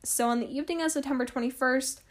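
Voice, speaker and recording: A woman's voice: sits high, fairly even intonation, fast. A young woman hosting a history podcast, telling the story casually with lots of fillers, wry asides and mock quotes.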